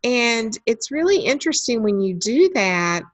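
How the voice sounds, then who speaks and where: A woman giving a webinar in a chatty, story-telling way, often pausing on "um". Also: on the high side, very animated, no echo. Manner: chatty and anecdotal, with frequent ums. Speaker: webinar presenter. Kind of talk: conversational webinar talk.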